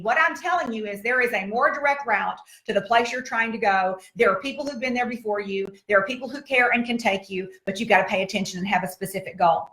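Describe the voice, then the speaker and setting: A woman's voice: fairly high pitch, brisk, sharp tone. Emphatic woman motivational speaker, roomy sound. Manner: emphatic, repetitive, exhortative. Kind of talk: motivational talk. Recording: roomy echo.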